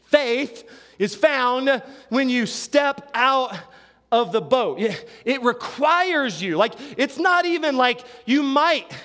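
High-voiced man preaching conversationally. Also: lively intonation, takes it slowly, fairly bright tone. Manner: storytelling, conversational, frequent asides and restarts. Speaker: pastor. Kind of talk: sermon.

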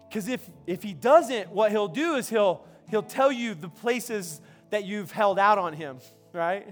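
High-voiced pastor telling a story. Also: male voice, animated, measured pace, fairly bright tone, soft background music. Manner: conversational, repeats words and restarts, chuckles. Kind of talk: sermon with storytelling.

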